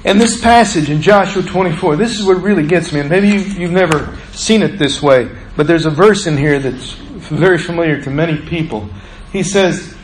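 A man preaching a sermon as pastor, swinging between emphatic raised lines and hushed low drops. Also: moderate pace, a little hiss or hum, low-quality recording.

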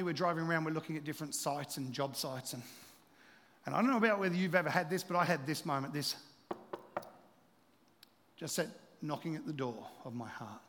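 Aussie pastor, high voice, animated sermon storyteller, ringing hall. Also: male voice. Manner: animated storytelling, drops to quiet confessional tones.

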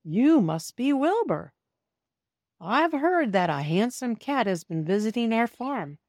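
A woman voicing a gentle farm woman who speaks calmly and soothingly. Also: medium pitch, no room sound, clean studio sound. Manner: soft, soothing, calm. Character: gentle, calm adult woman living on a farm.

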